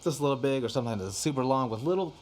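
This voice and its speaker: Animated and rapid-fire, a young man with a medium-pitched voice tells studio stories as a podcast guest. The chat is casual and rambling, heavy on fillers and casual swearing, with a little hiss or hum in the recording.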